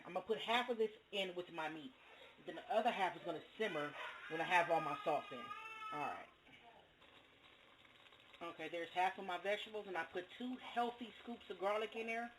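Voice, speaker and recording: In a casual cooking video, a man at home in his kitchen rambles from topic to topic while chatting to viewers and making a meal. His voice is on the high side, and there's noticeable background noise.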